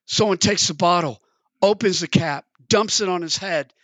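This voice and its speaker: A man's voice: moderate pace, a bit bright, dry recording. A man preaching a sermon, telling a parable in an earnest storytelling manner. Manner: earnest, storytelling, acts out the characters in pitch.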